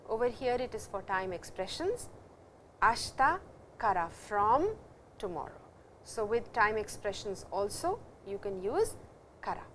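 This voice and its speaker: A woman's voice: mid-range voice, a bit bright, a little hiss or hum. A woman teaching a language lesson in a patient, explanatory way, repeating key words as she goes. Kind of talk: recorded classroom lecture.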